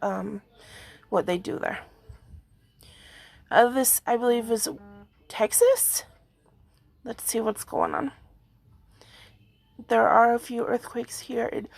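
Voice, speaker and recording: Hoarse woman, gravelly voice, dry close sound, rambling casual vlog talk. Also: on the high side, no room sound. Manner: rambling, frequent fillers and yawns. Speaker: earthquake forecast vlogger. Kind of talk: casual video update.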